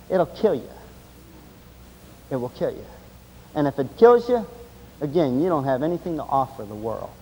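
A man preaching a sermon, swinging between loud, intense passages and low, quiet stretches. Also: breathy edge. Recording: long hall reverb.

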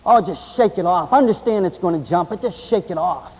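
A man preaching a sermon, swinging between loud, intense passages and low, quiet stretches. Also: expressive, brisk. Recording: long hall reverb.

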